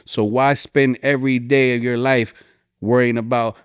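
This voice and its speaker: A man in his forties with a New Jersey accent speaks as a podcast guest, heartfelt and rambling, his voice climbing when he recalls things. His pitch sits mid-range, and the mic is close and dry, with no room sound. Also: little pitch movement, normal speed, smooth, no room sound. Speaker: hip-hop artist guest. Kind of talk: emotional interview talk.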